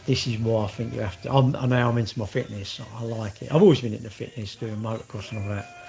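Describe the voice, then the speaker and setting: A man's voice: mid-range voice, fairly even intonation, fast, creaky, a little mellow, faint music behind. A middle-aged man, rambling in casual vlog chat, swearing and joking. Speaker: vlogger.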